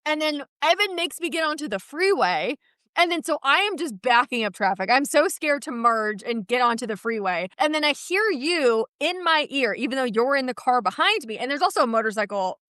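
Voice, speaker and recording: A woman's voice: sits high, expressive, a little fast, a bit bright, dry recording, studio quality. A woman co-hosting a podcast, chatting casually and telling stories with lots of swearing and acted-out voices. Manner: swearing, acts out voices in her story. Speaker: podcast co-host. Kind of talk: casual chat, animated storytelling.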